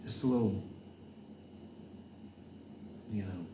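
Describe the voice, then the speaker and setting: A man's voice: fairly low pitch, unhurried, gravelly, pauses often, darkish tone, reverberant, slight background noise. A man from Wales hosting a podcast, talking loosely and drifting from campaign plans into preaching, with lots of fillers and asides. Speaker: podcast host. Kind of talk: rambling casual monologue with preaching.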